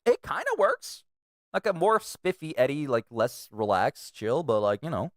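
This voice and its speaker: A man's voice: mid-range voice, sing-song, moderate pace, no room sound, studio quality. A man streaming a game, chatting casually with profane, rambling asides. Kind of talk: casual let's-play commentary.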